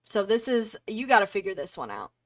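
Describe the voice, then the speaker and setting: A woman's voice: medium pitch, very animated, fairly quick. A woman narrating a tabletop game as game master, loose and playful, with many fillers.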